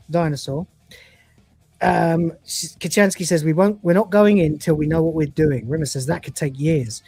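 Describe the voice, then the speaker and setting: A woman's voice: fairly low pitch, darkish tone, breathy edge, no room sound. Woman retelling scenes, acting out lines. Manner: acts out the characters' lines with voices and laughs. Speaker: podcast co-host reviewing episodes. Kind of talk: casual livestream review, retelling scenes.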